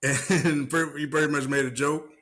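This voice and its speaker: A young man with a slightly high voice tells a story with loose slang and plenty of swearing. He acts out the other people's lines as he goes and laughs between them. It is a relaxed podcast conversation between friends. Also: normal speed. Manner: animated retelling with mimicked voices, cursing, laughing. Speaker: podcast co-host. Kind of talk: casual chat.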